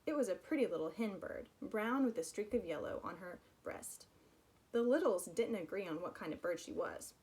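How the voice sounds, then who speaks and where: Woman reader, expressive, mid-pitched, children's chapter book read aloud. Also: moderate pace. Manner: expressive storytelling, personal asides.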